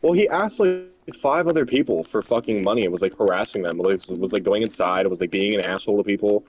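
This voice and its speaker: A man's voice: on the low side, fast, a little mellow, slightly rough, lo-fi sound. A young man from Ohio tells a long, crude story in a loose, rambling way, cursing freely. It sounds like casual chat between friends while a game runs.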